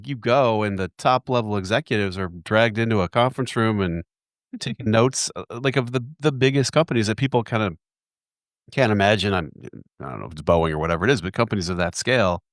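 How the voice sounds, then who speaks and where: A podcast host with a low voice asks long, meandering questions in an easy, casual way. His voice is recorded close and dry, with no room sound. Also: no room sound. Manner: long, meandering questions full of fillers and restarts. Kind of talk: casual interview talk.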